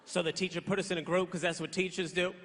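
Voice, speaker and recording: A man's voice: high-pitched, little pitch movement, fast talker, a bit bright. A young man performing a stand-up comedy set on a big stage, casual and punchy, with slangy asides. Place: large theater stage with live audience. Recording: live hall with crowd noise. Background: audience laughter and applause.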